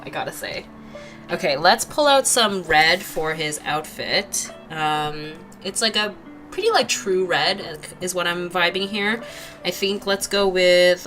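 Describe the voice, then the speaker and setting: Brief: young woman streamer, lowish voice, chatty and giggly, faint music behind. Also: a bit bright. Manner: chatty, giggly, lots of fillers, reads chat aloud. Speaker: art livestream host. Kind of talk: casual chat while drawing.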